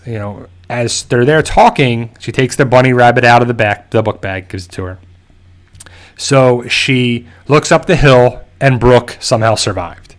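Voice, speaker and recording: Brief: man hosting a discussion show, loose and rambling, middle-pitched voice. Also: unhurried. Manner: loose, filler-heavy storytelling. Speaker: show host. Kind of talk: casual episode recap and discussion.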